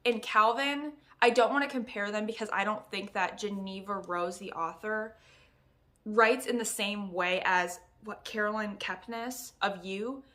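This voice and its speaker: A young woman giving a casual, animated book review, exasperated and laughing often. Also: medium pitch, a little slow.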